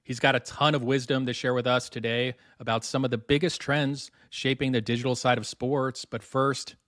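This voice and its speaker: A man's voice: medium pitch, flat delivery, moderate pace, fairly bright tone, dry recording, studio quality. A middle-aged man co-hosting a sports podcast, with jokey, sarcastic banter and mock ad reads. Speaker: podcast co-host.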